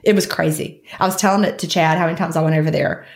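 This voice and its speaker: A woman's voice: deep voice, steady tone, fast, gravelly. A woman co-hosting a podcast in casual chat, rambling and laughing often as she talks. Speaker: podcast co-host.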